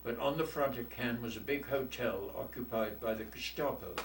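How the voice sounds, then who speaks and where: At a moderate pace and in a mid-range voice, an eighty-something war veteran from London shares blunt, salty stories in an oral history interview. There's echo, faint noise, and the mic is set well back.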